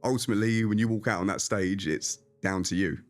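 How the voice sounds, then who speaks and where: Man, from England, magician guest, animated storyteller, lowish voice, faint background music. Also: a little fast. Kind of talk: casual interview storytelling.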